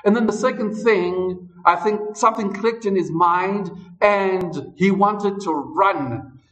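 Guy preaching at church, fairly high voice, stresses and repeats stuff, mic kinda far away. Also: slow, fairly bright tone. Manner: emphatic, repeats phrases for stress. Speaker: pastor. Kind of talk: sermon. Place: church service.

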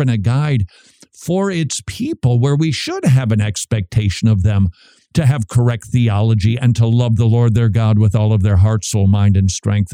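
A man's voice: medium pitch, mellow, no echo. A man from Minnesota hosting a show, giving a casual Bible talk and asking and answering his own questions. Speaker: podcast host.

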